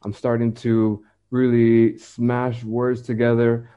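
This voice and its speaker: A man, an English teacher, talking in a relaxed, measured way in a casual podcast conversation. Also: medium pitch, clear, resonant tone, lo-fi sound.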